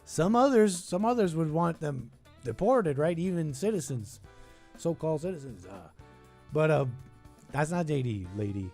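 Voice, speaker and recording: A man hosting a call-in podcast comments on a clip, sarcastic and animated. His voice sits a bit high. Faint music plays behind him. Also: normal speed. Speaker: podcast host.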